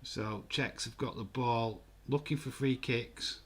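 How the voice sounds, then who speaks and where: A man giving casual, excitable live football commentary and reading out viewer comments. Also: medium pitch, slow pace, slightly rough. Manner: chatty, excitable, reads viewer comments aloud. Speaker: host of a live football watch-along.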